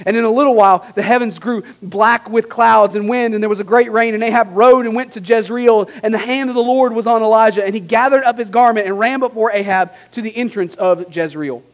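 A male preacher with a notably high voice, reading scripture to his congregation. He lifts his voice for the quoted lines and leans on rhetorical questions, tagging his points with a quick "right?". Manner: reads scripture with dramatic emphasis, rising for quoted lines. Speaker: pastor.

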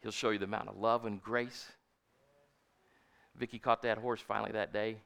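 A man's voice: fairly low pitch, little pitch movement, moderate pace, vocal fry, fairly bright tone, clear, resonant tone. An older man preaching a sermon in a folksy, storytelling way, often asking his congregation "Amen?". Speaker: pastor.

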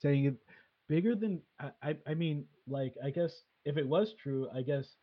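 A man's voice: a little high, moderate pace, breathy edge, narrow, tinny audio. A man hosting a casual chat, hesitant and full of fillers and restarts. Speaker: podcast host.

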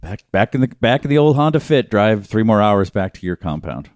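A man's voice: on the low side, sing-song, brisk, darkish tone, dry recording, studio quality. A man in casual chat who teases and keeps interrupting with jokes. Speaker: podcast co-host.

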